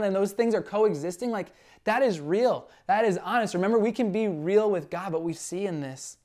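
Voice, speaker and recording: A man's voice: high voice, fairly quick, faint music behind. Young male pastor, earnest conversational sermon, reads scripture dramatically, talks to the congregation directly.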